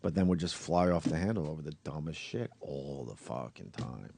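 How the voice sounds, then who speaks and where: A man hosting a radio talk show, speaking frankly and with lots of swearing, sometimes low and quiet and sometimes loud. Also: animated, moderate pace, creaky, a little hiss or hum.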